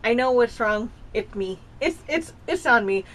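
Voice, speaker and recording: A woman's voice: fairly high pitch, lively intonation, unhurried, a bit bright. Rambling confessional woman in her thirties. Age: 30s. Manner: rambling and confessional, with frequent restarts. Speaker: vlogger. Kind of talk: casual personal vlog. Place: home with dogs nearby.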